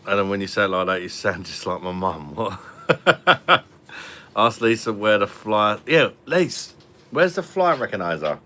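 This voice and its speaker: Low-voiced man chatting over beers. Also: animated, moderate pace, bright, forceful tone, a little hiss or hum. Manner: swears freely, laughs often, rambling anecdotes. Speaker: host of an online pub stream. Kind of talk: casual chat over beers. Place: at home.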